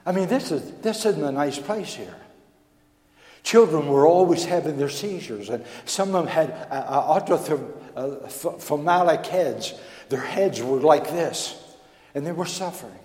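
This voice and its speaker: A male pastor telling a folksy, animated story in a sermon, acting out the dialogue. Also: fairly high pitch, measured pace. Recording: echoey hall with long reverb.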